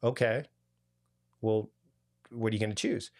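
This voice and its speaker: A man coaching a live online workshop, talking in a chatty, animated way with lots of restarts and asides over a video call. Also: mid-range voice, normal speed, long pauses. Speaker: productivity coach leading a live online challenge. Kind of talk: casual live workshop talk.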